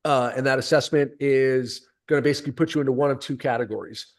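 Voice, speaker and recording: A man's voice: mid-range voice, quick pace. A man coaching a group on sales conversations, talking energetically and emphatically straight to his listeners. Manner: energetic, emphatic, direct address. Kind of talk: coaching session.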